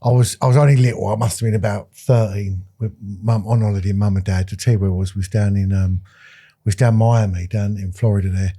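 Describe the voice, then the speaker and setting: A man's voice: lowish voice, fairly quick, husky. A man on a podcast telling a funny anecdote, acting out the voices. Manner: lively storyteller, acts out voices. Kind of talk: casual anecdote.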